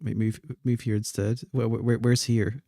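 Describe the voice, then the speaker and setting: A man's voice: medium pitch, little pitch movement, normal speed, vocal fry, mellow, no room sound, clean studio sound. A young man chatting casually while he plays a game, stumbling over and repeating his words. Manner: chatty, stammers and repeats words, laughs often. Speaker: gaming streamer. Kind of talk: casual chat while playing.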